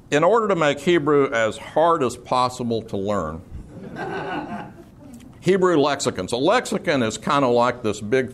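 A man preaching an expository sermon, explaining terms patiently, repeating key words and slipping in dry humor. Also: mid-range voice. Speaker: preacher teaching scripture.

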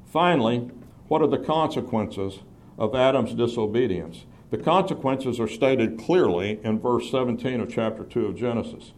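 Man giving a measured Bible lecture. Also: mid-range voice, a little mellow. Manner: measured, explanatory, emphasizes key phrases. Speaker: Bible teacher.

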